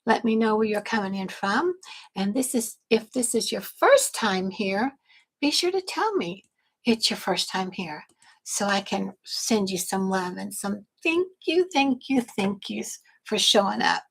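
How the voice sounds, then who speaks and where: A woman's voice: mid-range voice, very animated, a little slow, vocal fry, slightly rough, rough recording. An older woman from Texas, a grandmother, hosting a casual livestream and chatting to viewers in a rambling, self-correcting way. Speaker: livestream host and business coach.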